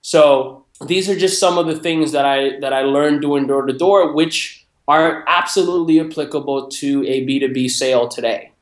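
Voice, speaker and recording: A man sharing stories from his sales career in an animated, conversational way, acting out customers as he goes. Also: fairly high pitch, normal speed, few pauses. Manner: animated, acts out quoted customers in raised voice. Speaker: guest sharing sales experience. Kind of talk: conversational storytelling. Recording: roomy echo.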